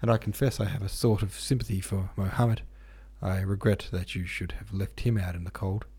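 A male reader gives a dry American man who mocks with a straight face. His teasing is calm and grave. The voice sits low and slightly husky. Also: a little fast, heavily acted. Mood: wry.

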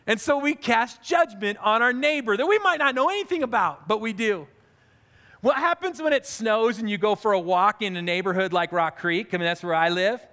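A man preaching a sermon, telling stories in an animated way with comic outbursts. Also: very high-pitched, moderate pace. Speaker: pastor. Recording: long reverb of a large hall.

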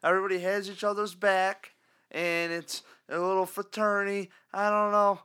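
A man co-hosts a casual sports podcast, his voice high and bright. He rants in long animated runs and slips into mock caller voices along the way. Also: normal speed, clear, resonant tone. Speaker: podcast co-host.

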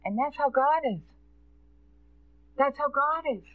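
A woman's voice: high-pitched, expressive, a little slow, no echo, phone-quality sound. A middle-aged woman preaching a sermon, telling stories and quoting scripture with earnest feeling.

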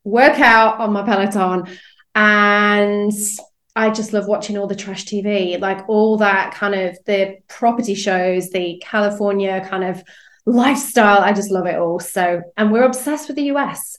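A woman's voice: mid-range voice, steady tone, a little slow. Bubbly English woman, echoey room. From England. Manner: bubbly, laughs often. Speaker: guest. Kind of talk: casual chat.

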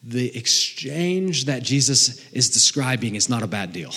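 A man in his thirties preaching a sermon, earnest, swinging between emphatic stretches and hushed ones, often repeating a word as he restarts. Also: medium pitch, big pitch swings, unhurried, breathy edge. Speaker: pastor. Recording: long reverb of a large hall.

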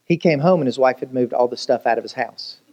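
A man's voice: medium pitch, quick pace, a little mellow, breathy edge, muffled recording. A man preaching a sermon as pastor, telling jokes and stories and asking the congregation rhetorical questions.

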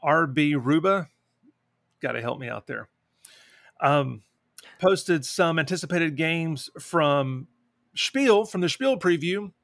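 Taking it slowly and pausing often, a male co-host of a board game podcast chats casually and reads listener responses aloud with jokes and a relaxed manner. His voice is a little high and creaky, with no room sound.

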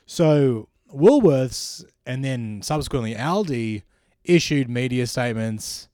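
An Australian man delivering a sardonic, ranting comedy monologue as a podcast host. His voice sits at an ordinary middle pitch, and the recording is dry and close with no room echo. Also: expressive, slow, mellow.

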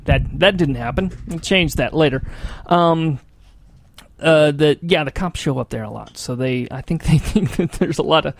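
A man hosting a casual show from a small studio, talking haltingly with many fillers and frequent laughs. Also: a little high, gravelly. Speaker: show host. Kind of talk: casual chat on a podcast. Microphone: studio microphone.

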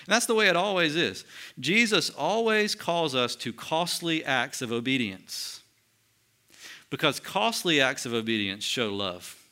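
A male pastor preaching a sermon in an earnest tone, slowing down and dropping quiet for emphasis. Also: a little high, expressive.

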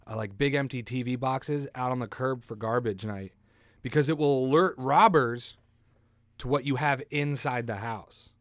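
A man's voice: medium pitch, fairly bright tone, no room sound, clean studio sound. A man hosting a casual solo podcast, rambling through crude jokes, mocking himself and laughing at his own bits. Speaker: podcast host.

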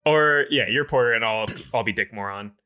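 A man pitching a silly idea in casual chat, rambling and giggling as he talks. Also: a little fast, sharp tone, smooth.

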